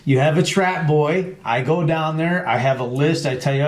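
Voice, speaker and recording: A man's voice: fairly high pitch, moderate pace. A middle-aged man from New York, telling hunting stories in a casual podcast conversation. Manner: storytelling, animated retelling with quoted voices. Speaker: podcast guest, chapter president. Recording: echoey room.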